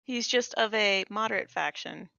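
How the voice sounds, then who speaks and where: A woman's voice: medium pitch, moderate pace, vocal fry, dull audio, a loud crowd. A woman playing a tabletop game, speaking dryly and matter-of-factly. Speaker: player. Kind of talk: casual tabletop chat.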